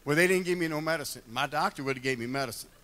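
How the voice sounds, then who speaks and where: Older man, church talk; folksy, joking storyteller with a slightly high voice. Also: fast talker, a bit bright. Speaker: church member speaking at a retirement celebration. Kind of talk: heartfelt church address.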